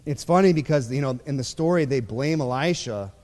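A man's voice: medium pitch, lively intonation, fairly quick, darkish tone. A man preaching a sermon in a loose, conversational way, with frequent fillers, and reading scripture aloud. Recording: long reverb of a church hall.

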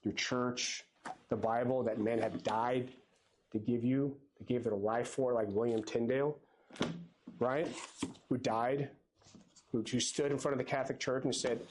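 A man's voice: mid-range voice, steady tone, a little slow, darkish tone, slight background noise. A man preaching a sermon from a church pulpit, earnest and exhorting in a conversational way. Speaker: lay preacher.

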